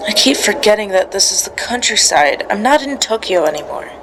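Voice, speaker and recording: A woman's voice: medium pitch, lively intonation, brisk, noisy background. A woman reading a story game aloud in a sleepy way, stumbling over words, correcting herself and breaking off for casual asides.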